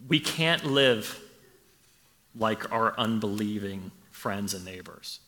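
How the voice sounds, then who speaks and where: A man's voice: fairly low pitch, animated, takes it slowly, bright, forceful tone, in a large hall. A man preaching a sermon as pastor, talking conversationally and repeating his questions for emphasis. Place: church.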